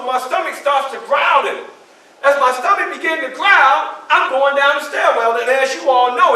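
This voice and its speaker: Actor as Frederick Douglass telling his story live to an audience; bright, sharp delivery in a roomy hall. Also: very high voice. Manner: dramatic, addresses the audience directly. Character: Frederick Douglass, man recounting his enslavement. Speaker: living-history performer. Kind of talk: one-man historical storytelling performance. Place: library event room. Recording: echoey room from far off.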